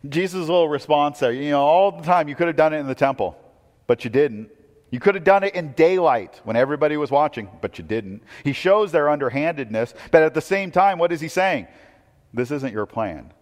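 A man's voice: fairly high pitch, lively intonation, fairly quick, darkish tone, big-room sound. A man preaching a conversational sermon, asking rhetorical questions and quoting scripture. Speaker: pastor.

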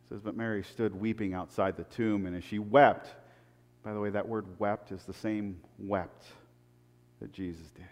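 A man preaching a sermon in a lively, conversational way. He swings between loud, emphatic peaks and hushed, low asides, and often repeats words. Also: moderate pace. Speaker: pastor. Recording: long hall reverb.

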